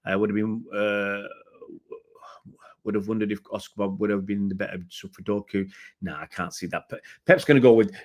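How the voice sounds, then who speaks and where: A middle-aged man with a fairly low voice hosts a relaxed live-stream review. He rambles in a chatty way and reads out viewer comments before answering each one. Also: a little fast. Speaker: football fan channel host.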